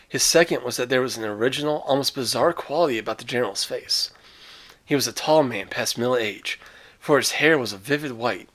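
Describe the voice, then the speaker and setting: A man's voice: mid-range voice, pushed and bright. A man reading a short story aloud with dramatic phrasing and casual, offhand asides. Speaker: reader.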